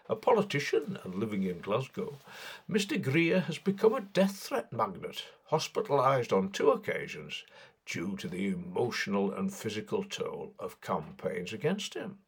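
A man's voice: on the low side, breathy edge. A man delivering sardonic satirical political commentary in a mocking, sarcastic way.

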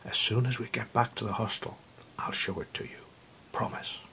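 A man's voice: mid-range voice, expressive, moderate pace, voice pushed up, close to an everyday voice. A teasing young woman with a girly New Jersey accent, as a male storyteller puts her on. She talks in a conspiratorial half-whisper, lifted and playful. A faint hiss sits under the recording. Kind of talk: storybook character voice.

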